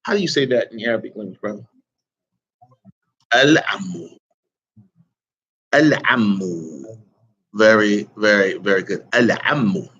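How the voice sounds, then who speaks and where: A man's voice: fairly low pitch, expressive, fairly bright tone, husky. Patient man teaching vocabulary, dull lo-fi sound. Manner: quizzes students and repeats each word slowly. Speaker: Arabic teacher. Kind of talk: classroom vocabulary lesson. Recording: dull lo-fi recording.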